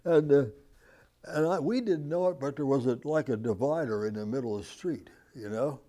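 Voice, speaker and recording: Mellow-voiced man in his nineties. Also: mid-range voice, a little fast. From United States. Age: 90s. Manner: animated storyteller, chuckling at his own tale. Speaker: veteran interviewee. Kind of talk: recounting war memories in an interview.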